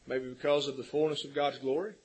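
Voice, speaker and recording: A man preaching a sermon, asking rhetorical questions and building to loud emphasis with a husky voice. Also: mid-range voice, level tone, fast, rough recording. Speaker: pastor.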